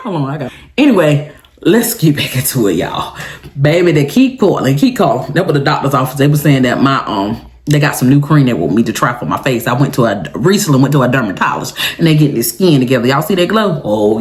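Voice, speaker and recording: A woman's voice: medium pitch, echoey room. A young woman, telling a dramatic school story in a casual vlog, laughing often. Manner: animated, laughing, dramatic retelling. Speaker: storytime vlogger.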